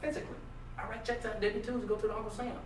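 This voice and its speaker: A man giving an animated, joking motivational talk to a live audience, often quizzing the crowd. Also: sits high, rapid-fire. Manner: animated, jokey, questions the crowd. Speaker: motivational speaker. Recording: distant echoey room recording with noise.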